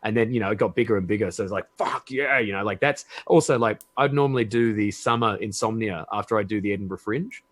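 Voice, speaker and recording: A man's voice: fairly low pitch, fast, hardly any pauses, no room sound. A man with an Australian accent, chatting enthusiastically as a guest and swearing freely. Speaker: guest comedian. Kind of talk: casual chat.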